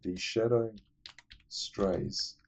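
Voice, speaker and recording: A man's voice: on the low side, very slow, slight background noise. A man rambling enthusiastically through casual film recommendations, full of fillers. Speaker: movie reviewer.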